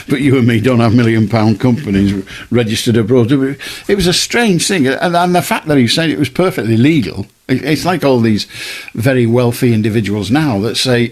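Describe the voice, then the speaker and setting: Male late-night phone-in host, husky, blunt and talkative with callers. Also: medium pitch. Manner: firm, blunt, chatty.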